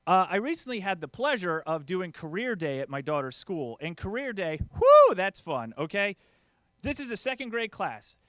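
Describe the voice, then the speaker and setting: Comedian, male, 30s: high-pitched, self-deprecating stand-up, dry close mic. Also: wildly swooping pitch, moderate pace, fairly bright tone, no echo. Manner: self-deprecating, acts out quoted voices.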